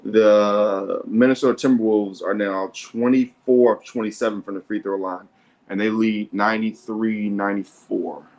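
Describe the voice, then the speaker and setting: Excitable man calling a basketball game. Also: fairly low pitch, normal speed. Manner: excitable, repeats himself. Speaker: sports show host. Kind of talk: live game commentary.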